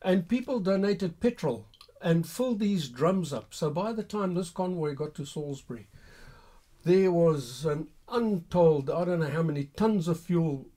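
An older man, an army veteran answering viewers' questions with an unhurried, hesitant spoken reminiscence. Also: a little high, expressive, mellow. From Rhodesia. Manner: unhurried, hesitant, with frequent pauses.

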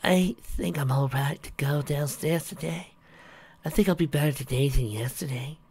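A man voicing a frail, gentle older mare with a thin voice, who talks softly and scolds lightly. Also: fairly high pitch, moderate pace, creaky, pitched above the performer's own voice.

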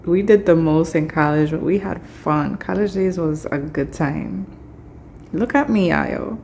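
A woman's voice: sits low, measured pace, gravelly, darkish tone, slight background noise. A young woman vlogging casually to her phone camera, chatty and emotional, talking straight to her viewers. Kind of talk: casual vlog talk to camera.

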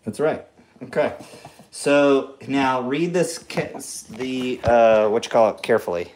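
A woman's voice: rumbling low, a little slow, a little mellow, reverberant, a little hiss or hum. A woman hosting a casual home cooking vlog in a kitchen, playful and teasing, laughing often while giving step-by-step instructions. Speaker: vlog host cooking with a child.

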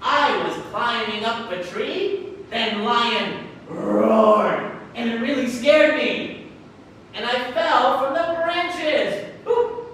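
A woman's voice: a little high, fairly bright tone, slight background noise, pitched above the performer's own voice. A woman voicing an upset little male monkey in a storybook read to children. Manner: storybook reading, slow and raised. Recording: echoey room, mic far off, faint music.

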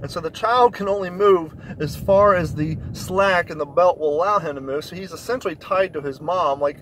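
A man telling a story in a blunt, profane rant, getting louder when indignant. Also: sits high, moderate pace, slight background noise, rough recording. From Kentucky, USA. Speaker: vlogger. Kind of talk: ranting storytelling monologue.

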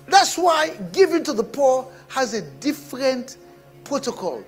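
A man preaching a sermon, animated and bursting into shouts. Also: extremely high pitch, measured pace, breathy edge, soft background music. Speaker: pastor.

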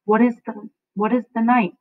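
A woman's voice: flat delivery, lightly acted. Macbeth, a frantic haunted king, as a woman reads him. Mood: shaken. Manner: reads the verse slowly, rising in pitch and loudness. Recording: dry, tinny phone-like sound.

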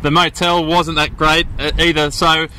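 Bright-voiced Australian man reporting. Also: fairly high pitch, normal speed, low-quality recording. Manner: jokey, deadpan. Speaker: co-host and roving reporter. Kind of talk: casual vox-pop comedy reporting. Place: outdoors on a town street.

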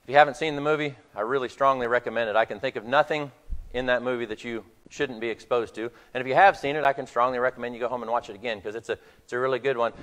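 A man's voice: mid-range voice, steady tone, rapid-fire, fairly bright tone, big-room sound. A man preaching a sermon to his congregation, retelling a film scene as a story. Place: church hall.

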